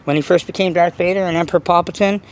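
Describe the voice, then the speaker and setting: A man talking to camera about his hobby in a casual, boastful, rambling way, full of restarts and excitement. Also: sits high, quick pace. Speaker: RC nitro hobbyist vlogger.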